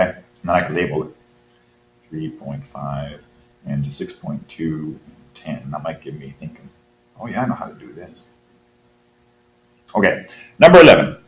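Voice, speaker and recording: A man's voice: deep voice, a bit bright. A man teaching math, thinking aloud as he works through a quiz problem and encouraging his students. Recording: roomy with faint hum.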